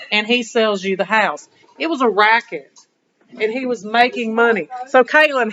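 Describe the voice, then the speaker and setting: A woman history teacher giving an animated classroom lecture, firing rhetorical questions at her students, in a dull lo-fi classroom recording. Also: fairly high pitch, moderate pace, a little hiss or hum.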